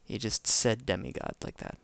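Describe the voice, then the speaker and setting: A man's voice: fairly low pitch, moderate pace, creaky, dry recording. A man streaming a game live, musing to himself in casual commentary and hunting for the right words.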